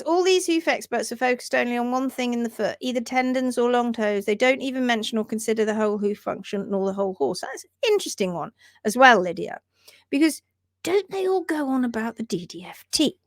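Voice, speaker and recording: A woman with a fairly high voice hosts a livestream, swinging between emphatic, indignant bursts and chatty asides to her viewers. The sound is dry and close, with almost no room around her. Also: no echo. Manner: animated, emphatic, indignant rants. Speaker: hoof trimming educator, livestream host. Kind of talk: livestream chat reading comments.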